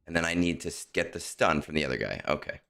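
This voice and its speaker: A man with a deep, low voice talks casually through a game stream, muttering and second-guessing himself as he plays. His tone is relaxed and conversational, like he is chatting with regulars. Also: fast, vocal fry, a little hiss or hum. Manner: muttering to himself, self-correcting. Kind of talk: casual livestream chat while playing.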